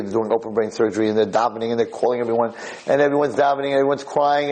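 A man, a rabbi lecturer, giving a sermon through an animated, dramatic story told with quick restarts. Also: mid-range voice, low-quality recording.

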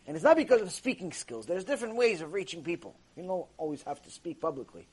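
Husky, lively rabbi lecturing emphatically. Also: male voice, high-pitched, fast talker. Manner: emphatic, argumentative, rhetorical questions. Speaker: rabbi teaching Torah ethics. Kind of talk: Torah lecture.

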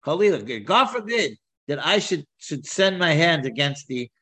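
A man teaching a scripture class, talking in an animated way with many repeats and restarts. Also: on the high side, normal speed, low-quality recording. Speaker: Torah teacher.

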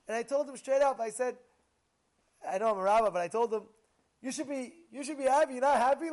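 A male rabbi tells a story in a sermon, his voice sitting very high for a man. He acts out the people in it with loud, animated bursts, then sinks back to a low murmur. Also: fast. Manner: drops to a low murmur between outbursts.

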